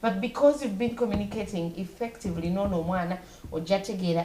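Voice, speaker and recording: A woman's voice: medium pitch, animated, a little fast, roomy sound, noisy background. A Ugandan woman radio host commenting casually, switching between English and Luganda as she explains. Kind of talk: casual talk show commentary.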